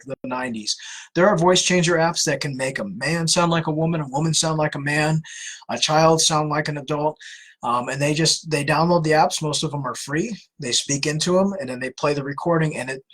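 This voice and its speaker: A woman's voice: deep voice, rough recording. A woman hosting a live question-and-answer session, answering viewer questions in an earnest, plain-spoken way. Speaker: host of a scam-awareness Q&A.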